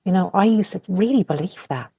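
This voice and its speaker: A woman's voice: medium pitch, lively intonation, a little fast, vocal fry, warm tone, breathy edge, no room sound. A middle-aged woman, a podcast guest, talking candidly in casual conversation, telling personal stories and swearing freely. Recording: dull lo-fi podcast audio.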